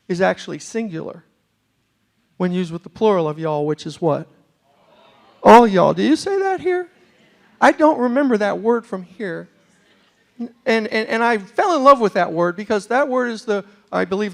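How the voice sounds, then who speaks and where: High-voiced gravelly man telling funny stories. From New York City. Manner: animated comic delivery with audience asides. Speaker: storyteller and motivational speaker. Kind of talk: humorous storytelling talk. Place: university lecture hall.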